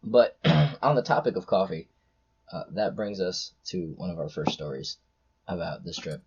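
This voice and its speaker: Brief: young male host, very low and husky, muffled call sound, loose and jokey. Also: moderate pace. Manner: rambling, filler-heavy, jokey. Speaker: podcast host. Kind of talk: casual chat.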